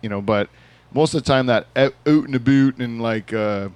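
A man's voice: mid-range voice, moderate pace, a little mellow, clear, resonant tone, no echo. A Canadian man with a Southern Ontario accent, hosting a casual group podcast chat, joking and rambling with frequent laughs. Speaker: podcast host.

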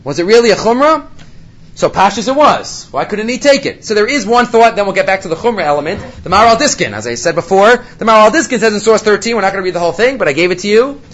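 A man's voice: high voice, lively intonation, fast talker, fairly bright tone. A man teaching a Torah study class, asking rhetorical questions and answering them, with Hebrew study terms mixed into his English.

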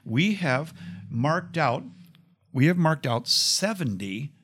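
A man hosting a show, talking with excitement about a book he is holding, with frequent restarts. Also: fairly high pitch, takes it slowly, husky. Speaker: host. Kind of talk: casual enthusiastic product talk.

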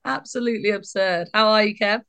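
A woman's voice: mid-range voice, vocal fry, a bit bright, clear, resonant tone, no echo. Teasing woman hosting a podcast. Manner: teasing, brisk presenter. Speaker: podcast host. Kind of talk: casual chat.

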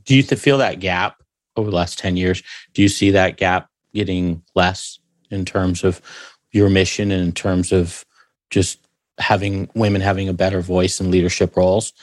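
A man's voice: low-pitched, fairly even intonation, moderate pace, no echo, studio quality. A man hosting an interview, asking open questions in a conversational way. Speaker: podcast host.

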